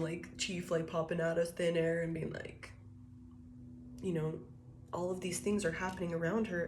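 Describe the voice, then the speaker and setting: A woman with a lowish voice reads tarot cards in a casual, rambling way. She swears freely, laughs often and slips into quoted voices as she explains each card. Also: a little hiss or hum. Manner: loose and profane, laughs often, acts out quotes. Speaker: tarot reader.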